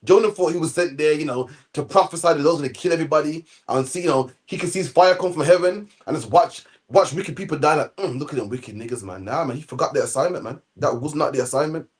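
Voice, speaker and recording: A man giving animated, slangy Bible study commentary, tagging "man" onto nearly every phrase. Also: fairly high pitch, quick pace, hardly any pauses. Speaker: Bible teacher.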